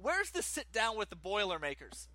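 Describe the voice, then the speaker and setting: A man co-hosting a podcast, chatting casually about sports with animated, ranting opinions. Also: high-pitched, moderate pace, dry recording. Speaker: podcast co-host.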